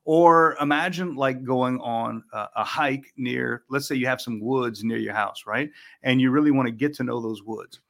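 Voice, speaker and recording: A man in a relaxed spoken conversation, explaining ideas through everyday analogies, often restarting his sentences and laughing lightly. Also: medium pitch, normal speed, gravelly.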